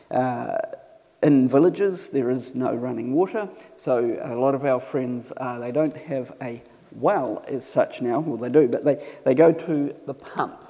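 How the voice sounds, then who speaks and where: A middle-aged man from New Zealand giving a sermon in a relaxed, storytelling way, with touches of self-deprecating humour. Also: mid-range voice, vocal fry. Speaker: missionary preacher. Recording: long church reverb.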